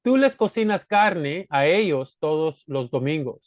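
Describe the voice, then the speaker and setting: A man's voice: fairly high pitch, lively intonation, normal speed, dry recording. A man giving a casual spoken grammar lesson as a language teacher, patiently repeating his points to drive them home. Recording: dull, dry lo-fi recording.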